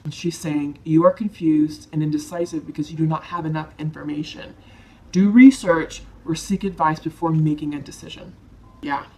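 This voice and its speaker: Woman, tarot reader, low gravelly voice, soft-spoken, emotional, reassuring. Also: fairly even intonation, normal speed. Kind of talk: tarot card reading to camera.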